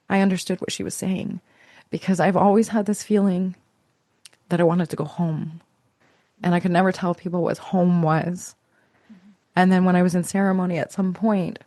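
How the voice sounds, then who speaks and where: A woman's voice: on the low side, gravelly, darkish tone, no room sound, studio quality. A woman, a podcast guest, telling a personal story in a reflective, searching way, often restarting and trailing off.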